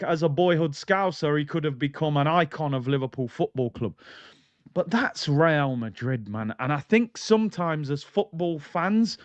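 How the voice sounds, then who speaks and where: A man's voice: fairly high pitch, no room sound. A man hosting a football livestream, talking in a passionate, blunt, ranting way. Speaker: football channel host. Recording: dull lo-fi, dry sound.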